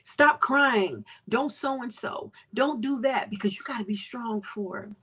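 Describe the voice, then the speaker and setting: A woman hosting a podcast, talking earnestly and with emotion, sometimes dropping to a soft whisper. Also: fairly high pitch, measured pace, slightly rough. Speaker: podcast host. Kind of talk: candid personal reflection.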